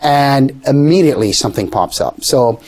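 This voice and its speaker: Animated storytelling man. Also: moderate pace. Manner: animated, acts out quoted voices with pitch jumps. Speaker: guest storyteller. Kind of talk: conversational storytelling.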